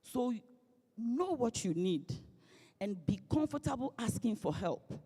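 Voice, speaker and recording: A woman's voice: on the high side, unhurried, breathy edge. Woman speaking in a hall. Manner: lively, playful, acts out quoted voices. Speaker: guest speaker. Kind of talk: motivational speech.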